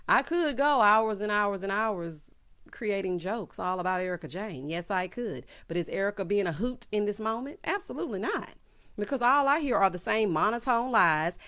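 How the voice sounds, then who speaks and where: A woman's voice: medium pitch, lively intonation, moderate pace, a bit bright. A woman recapping a reality show in sassy, sarcastic casual talk, calling listeners honey and child and mocking the cast in exaggerated voices.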